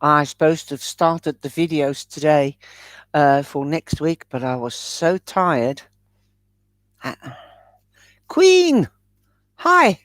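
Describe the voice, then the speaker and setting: Speaking slowly in a deep, steady voice, this woman reads tarot on a live stream with no room sound. She keeps things chatty and calls her viewers sweet pet names throughout.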